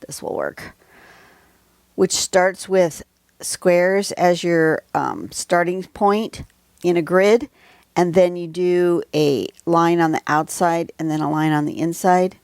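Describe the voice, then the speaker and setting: A woman's voice: fairly low pitch, slow pace, a little mellow, clear, resonant tone, dry recording, clean studio sound. A woman hosting a casual livestream drawing lesson, chatty and rambling with many asides, recorded on a phone at home. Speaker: drawing tutorial host.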